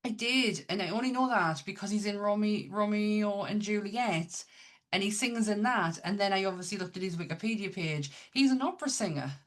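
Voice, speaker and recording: A woman's voice: medium pitch, normal speed. A woman co-hosting a podcast, chatting enthusiastically about films with lots of restarts. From Northern England. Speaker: podcast co-host. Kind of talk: casual chat.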